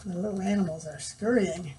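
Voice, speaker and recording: An older woman and grandmother reading a picture book aloud, gently stopping to explain words for children. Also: fairly low pitch, fairly quick, noisy background. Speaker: storyteller.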